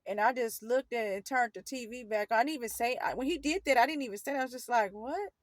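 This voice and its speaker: A woman vlogger earnestly retells a painful personal story, rambling and correcting herself as she goes. Her voice is on the high side and quick, with no echo.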